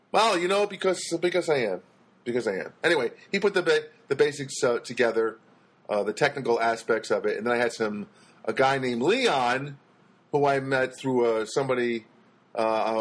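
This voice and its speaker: A man hosting his own podcast in a rambling comic monologue, full of ums, restarts and dry self-deprecating asides. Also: medium pitch. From United States. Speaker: podcast host and stand-up comedian.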